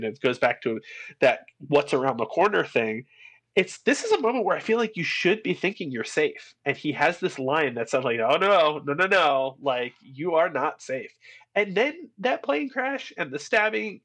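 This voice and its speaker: A man co-hosting a podcast, excitedly retelling a film scene by scene in casual chat. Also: on the high side, normal speed, husky. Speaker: podcast co-host.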